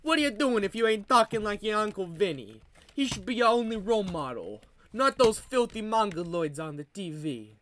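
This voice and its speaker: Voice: mid-range voice, very animated, normal speed, fairly bright tone, slight background noise. A streamer voicing a brash, exaggerated Italian-American family storyteller in a choppy put-on accent, doing comedy bits. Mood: mock-stern.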